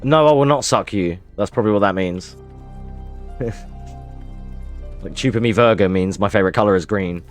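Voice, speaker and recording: A man with a low voice talks through his live game run, mixing tips with banter and laughs for his chat. Quiet music plays under him. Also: normal speed, long pauses. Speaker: streamer. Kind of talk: live gameplay commentary.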